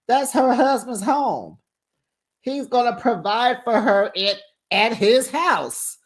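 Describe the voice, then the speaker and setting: A woman hosting a reality TV recap channel, talking in a sassy, gossipy, casual way. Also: medium pitch. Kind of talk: casual chatty recap commentary.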